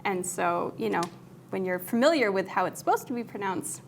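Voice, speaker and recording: A woman journalist co-hosting a casual discussion, speaking in a measured, reflective way with frequent fillers. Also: mid-range voice, lively intonation, creaky, slight background noise. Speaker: journalist and show co-host.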